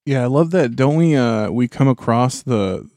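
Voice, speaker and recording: Mellow-voiced man in casual podcast chat. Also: mid-range voice, moderate pace, dry recording. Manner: relaxed, laughs often, loose restarts. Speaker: podcast co-host.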